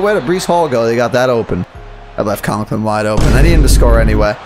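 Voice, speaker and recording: A young man commentating his own video game match, muttering plays quietly and then yelling at the big moments. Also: medium pitch, fast, soft background music. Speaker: gaming YouTuber. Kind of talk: live gameplay commentary.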